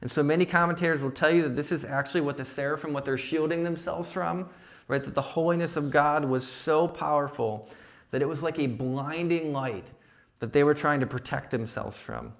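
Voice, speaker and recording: A man with a fairly high, gravelly voice preaches briskly to a young adults retreat at church. He ministers conversationally, dropping frequent "right?" check-ins and "like".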